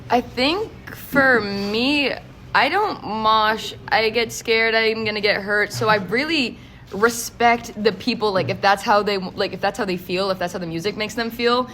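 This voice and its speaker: A woman's voice: medium pitch, measured pace, fairly bright tone, slight background noise. Young woman, rambling and thoughtful. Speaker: band member. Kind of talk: casual interview chat. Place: pizza shop.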